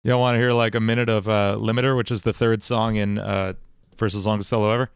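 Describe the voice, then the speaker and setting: A man's voice: on the low side, flat delivery, fast, clear, resonant tone, dry recording. A man streaming casually from his home basement studio as he writes music, joking, laughing often and mocking himself. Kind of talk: casual livestream chat.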